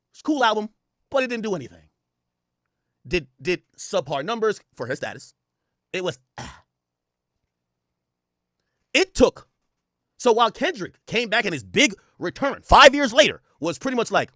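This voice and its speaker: A man's voice: a little high, big pitch swings, normal speed, long pauses, bright, forceful tone, dry recording, clean studio sound. A man hosting a reaction commentary, ranting with profanity and repeating his points for emphasis. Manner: repetitive, emphatic. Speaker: host.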